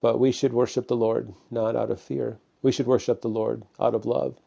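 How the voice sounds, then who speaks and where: A man preaches to a camera in a loose, conversational sermon, pausing on fillers as he goes. His voice is gravelly and mellow. The recording sounds dull and lo-fi. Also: mid-range voice, little pitch movement. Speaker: pastor.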